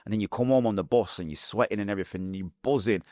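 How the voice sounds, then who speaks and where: A forty-something guest from Manchester, with a Mancunian accent, tells his own story frankly and at speed, acting out quoted lines along the way. His fairly low voice comes through clean studio sound without echo.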